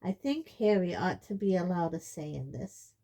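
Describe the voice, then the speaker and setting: A woman's voice: lowish voice, expressive, dark tone. A woman reading an audiobook, voicing a mild, thoughtful man who speaks reasonably. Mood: calm. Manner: measured, reasonable.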